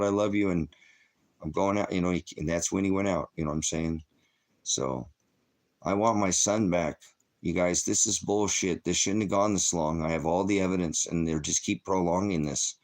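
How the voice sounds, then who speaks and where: Distraught low-voiced middle-aged man. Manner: distraught, rambling, swears often. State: shaken and upset. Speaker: channel host and father. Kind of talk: emotional unscripted vlog monologue.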